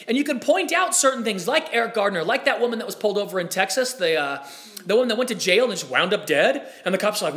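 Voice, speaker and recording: A man's voice: high-pitched, quick pace. Impassioned male talk show host. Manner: impassioned, animated, with frequent asides. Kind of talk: live talk show monologue.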